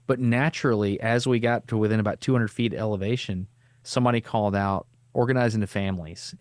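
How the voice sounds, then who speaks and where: A middle-aged man with a lowish voice tells a story on a podcast. His delivery is casual and lively, and he drops in easy slang. The sound is close and dry, with no room echo. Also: fast. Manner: animated, laid-back storyteller with casual slang. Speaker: podcast host.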